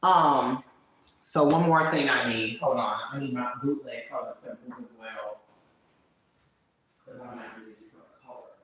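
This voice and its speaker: A chatty, expressive livestream host, talking casually at home while coloring and often sighing. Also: mid-range voice, unhurried, muffled recording, slight background noise. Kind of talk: casual live-stream chat while coloring. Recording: roomy echo.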